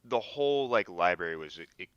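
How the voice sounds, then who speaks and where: A man's voice: sits low, lively intonation, brisk, a bit bright, muffled recording. A man chiming in on a podcast chat with short remarks and questions. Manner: short interjections. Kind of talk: casual chat.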